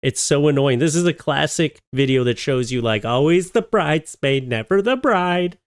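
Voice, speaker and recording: A man's voice: fairly high pitch, animated, normal speed, no echo, clean studio sound. Sarcastic man reacting to clips. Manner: sarcastic, chatty, mock-scolding. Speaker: YouTube reaction commentator. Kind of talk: casual reaction commentary.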